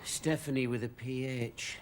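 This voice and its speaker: A man's voice: mid-range voice, steady tone, a little slow, lightly acted. A young man playing a sheepish, mopey errand boy pining for a girl. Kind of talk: sitcom acting. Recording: noisy TV sitcom recording.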